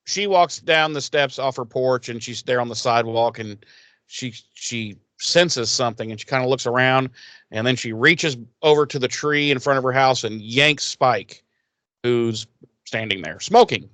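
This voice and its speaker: A man's voice: mid-range voice, moderate pace, fairly bright tone, no room sound. Brief: male podcast co-host, rambling profane storyteller, dead-dry sound. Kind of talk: casual episode recap.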